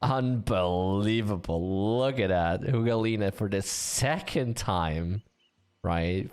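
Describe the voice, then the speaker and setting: Joking around with his co-caster and viewers, this man casts a live online match in a chatty, easily amused way. He has a lowish voice with a darkish tone.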